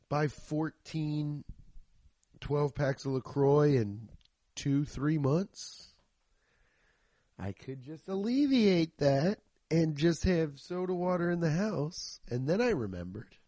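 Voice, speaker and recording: A man hosting a podcast in a loose comic rant, swearing freely and wandering between tangents. His voice sits a bit high and swings widely up and down. The sound is dry and close, with no room echo. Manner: profane, rambling, animated. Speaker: podcast host. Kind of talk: casual comedic rant.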